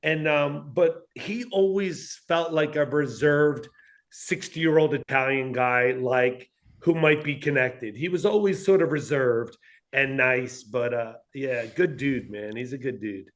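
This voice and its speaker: A man's voice: medium pitch, unhurried. A man, a comedian guest telling stories in casual chat and acting out quoted lines. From Atlantic City, New Jersey. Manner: animated, acts out quoted dialogue in his stories.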